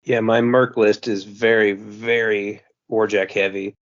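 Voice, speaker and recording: A man's voice: fairly low pitch, level tone, unhurried, dry recording, highs cut off. A man co-hosting a casual podcast about a tabletop game, easygoing and matter-of-fact. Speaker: podcast co-host.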